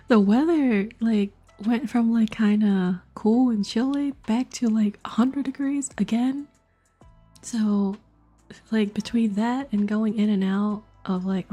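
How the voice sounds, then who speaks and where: A young woman streamer with a voice roughened by a cold, chatting casually. She giggles often, fills her talk with "like," and sometimes drops into a whisper. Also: mid-range voice. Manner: giggly, soft and filler-heavy, drifting into whispers. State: sick, slightly rough voice.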